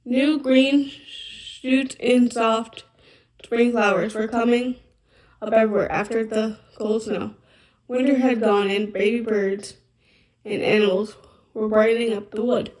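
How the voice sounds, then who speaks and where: Woman, soft-spoken ASMR storybook reading, gentle and even, fairly high voice. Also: unhurried, low-quality recording.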